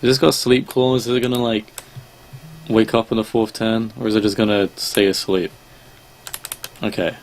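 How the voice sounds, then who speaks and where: Young Australian male streamer, low-ish easygoing voice, casual game chatter, faint keyboard clicks behind. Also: little pitch movement, normal speed, pauses often, a little hiss or hum. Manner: laid-back, chatty, swears casually. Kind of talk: casual gameplay chat with viewers.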